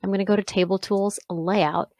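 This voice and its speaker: A woman instructor talking through a software exercise step by step, pausing to correct herself along the way. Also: mid-range voice, steady tone, dry recording. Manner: step-by-step, self-correcting with small asides. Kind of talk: screen-recorded software walkthrough.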